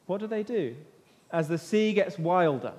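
A man with a high voice retells a Bible story to a gathered group, asking them questions as he goes. His talk rings with the long reverb of a big hall. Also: normal speed. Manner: lively, questions the listeners and waits for answers. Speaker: preacher leading a Bible talk. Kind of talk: interactive Bible storytelling sermon.

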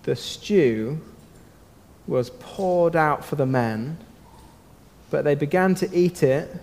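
A man with a slightly high voice gives a lively Bible talk to children, putting questions to them and holding dramatic pauses. He is recorded in a church hall, and a long reverb trails after his words.

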